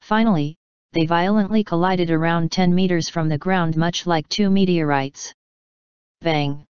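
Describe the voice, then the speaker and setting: Smooth low-voiced woman narrating a novel. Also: fairly even intonation, unhurried, a little mellow, dry recording. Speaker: audiobook narrator. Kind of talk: scripted fantasy novel narration. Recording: dull lo-fi dry recording.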